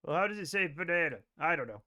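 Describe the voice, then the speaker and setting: A man's voice: a little high, animated, fast talker, pushed and bright. A man streaming a game live, chatting to his viewers in a joking, rambling way and swearing freely. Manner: joking, profane, rambling talk to chat.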